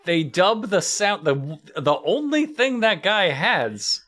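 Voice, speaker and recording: A man's voice: high voice, very animated, takes it slowly, a bit bright. A man co-hosting a comedy podcast, wry and mocking, swearing casually.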